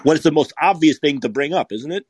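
A man's voice: fairly high pitch, expressive, quick pace, slightly rough, no echo. A man hosting a live call-in podcast, talking casually and sarcastically, rambling with many restarts. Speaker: podcast host. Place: San Francisco.

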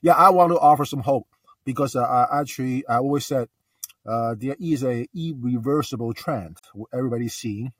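Halting male caller, heard from a distance. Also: mid-range voice, a bit bright, husky, no room sound. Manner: halting, many uh fillers, earnest. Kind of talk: casual call-in talk.

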